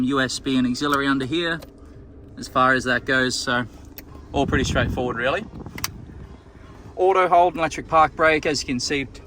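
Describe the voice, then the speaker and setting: A man with an Australian accent, a car salesman giving a relaxed walkaround tour of a vehicle, pointing out features as he goes. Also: mid-range voice, noisy background. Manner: relaxed, plain-spoken, pointing things out as he goes. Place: outdoors around a car, then inside it.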